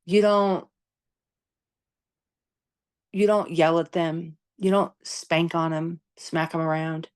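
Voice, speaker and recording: Candid woman with a lowish voice, emphatic. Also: steady tone, slow pace, long pauses, clean tone. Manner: candid, emphatic, swears freely; conversational, lots of "you know" and "right?". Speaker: podcast host. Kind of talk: casual monologue on parenting.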